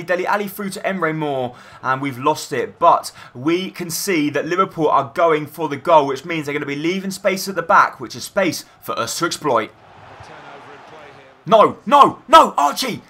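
A young man commentating his own football video game match, shouting in bursts at goals and misses. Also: sits high, slight background noise. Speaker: gaming YouTuber.

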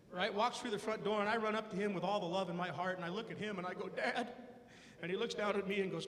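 A man with a high voice works a live crowd in a stand-up set, spinning playful stories about his family and slipping into their voices. A long reverb of the hall trails his words. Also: quick pace, a bit bright, slight background noise. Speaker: stand-up comedian. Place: comedy stage before a live audience.

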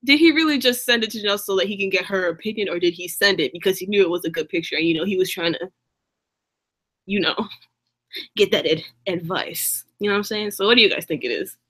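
A woman's voice: mid-range voice, quick pace, a bit bright. A young woman co-hosting a casual live-stream chat, teasing her co-host and talking straight to the viewers.

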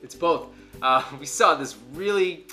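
A man's voice: a little high, a little slow, pushed and bright, soft background music. A man co-hosting an online news chat show, talking casually and peppering his lines with "dude" and "you know". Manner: chatty, lots of fillers like dude and you know. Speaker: co-host of a news commentary show.

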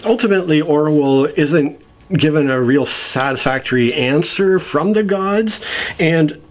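A middle-aged man giving a casual spoken book review, retelling a story in an animated, playful way. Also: a little high, unhurried.

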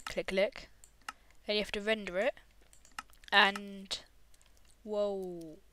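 A woman's voice: mid-range voice, steady tone, takes it slowly, pushed and bright, a little hiss or hum. A woman casually commenting on her game while building, rambling and easily distracted, now and then breaking into little hums.

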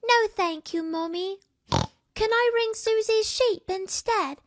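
A woman voicing a small, cheerful cartoon piglet girl in a squeaky, bouncy child voice. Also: slow pace, no room sound, studio quality.

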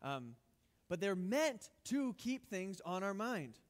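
A man's voice: high-pitched, very animated, takes it slowly, in a large hall. A male pastor giving a sermon in a conversational, emphatic way with light humor.

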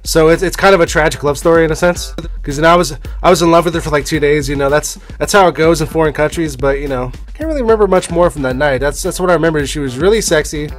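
A man's voice: a little high, fast, hardly any pauses, faint music behind. A young man telling a personal story in a rambling, offhand way, with the odd swear word. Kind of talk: casual storytelling.

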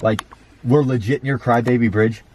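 A man's voice: mid-range voice, steady tone, moderate pace. A man vlogging outdoors at night, talking nervously and swearing about strange sounds. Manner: nervous, swearing, hushed then loud. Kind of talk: casual chat.

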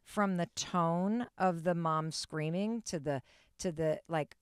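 Lively fifty-something woman podcast host. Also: on the low side, slow, clean tone, dry recording, studio quality. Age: 50s. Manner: lively storytelling, asks pointed questions. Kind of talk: conversational interview.

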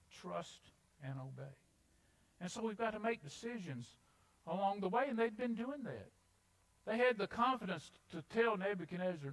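Animated preacher delivering a sermon. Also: male voice, a little high, poor audio. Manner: animated, dramatic scripture reading. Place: church sanctuary.

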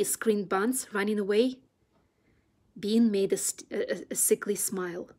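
Breathy woman reading a storybook. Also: mid-range voice, unhurried. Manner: gentle and soft, drifting into near-whispers. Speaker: children's book reader.

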